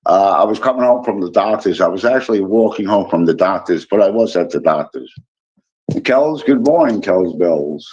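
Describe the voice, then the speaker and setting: Here the livestream host from Illinois has a low, expressive, darkish voice and talks at a moderate pace. He reads chat comments casually and playfully teases viewers as he greets them by name, all through dull, lo-fi sound.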